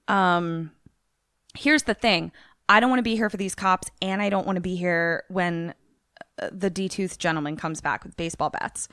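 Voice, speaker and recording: A woman's voice: lowish voice, normal speed, fairly bright tone, clean tone, no echo, clean studio sound. A woman co-hosting a podcast, joking and swearing as she plays out what she would do. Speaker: podcast co-host. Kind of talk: casual podcast chat.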